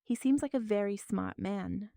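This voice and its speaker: A woman voicing a middle-aged mother who speaks in a sharp, reprimanding tone. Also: mid-range voice, moderate pace, gravelly, dry recording, clean studio sound, natural voice.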